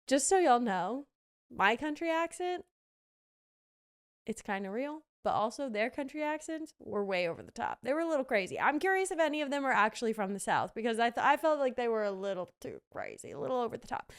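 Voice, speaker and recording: A woman's voice: a little high, lively intonation, moderate pace, smooth. Chatty young woman podcast host. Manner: chatty, gushing, many fillers. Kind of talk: casual theater review chat.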